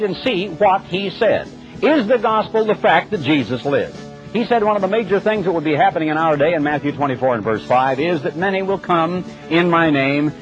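Lively, emphatic male radio preacher. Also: mid-range voice. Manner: plain-spoken, emphatic, conversational. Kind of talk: broadcast sermon. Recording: dull lo-fi radio broadcast with faint music.

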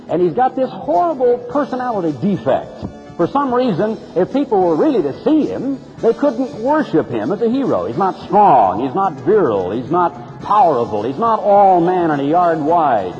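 A man preaching an emphatic, sarcastic broadcast sermon, recorded on a dull lo-fi tape with long reverb. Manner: emphatic, sarcastic preaching with sharp pitch swings.

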